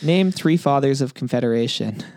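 A man reading multiple-choice quiz questions aloud in a relaxed, casual chat, then talking over the answers. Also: medium pitch, moderate pace, no echo. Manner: reads options steadily, relaxed and dry. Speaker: quiz reader, co-host.

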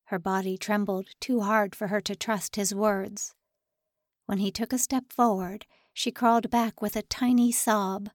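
A woman narrating an audiobook novel in a calm, measured storytelling manner on a close microphone. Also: medium pitch, no room sound.

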